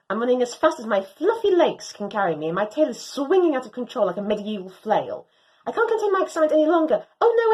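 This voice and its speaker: Brief: excitable young female Doberman in a storybook, read by a woman, grand phrasing, bright lively swoops. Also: low-quality recording. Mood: excited. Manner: theatrical, swooping pitch, grand old-fashioned phrasing. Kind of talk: storybook reading.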